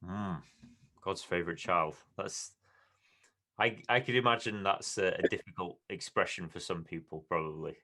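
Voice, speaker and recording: Man, podcast host, very low voice, soft-spoken, tentative questions. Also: moderate pace. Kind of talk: casual interview.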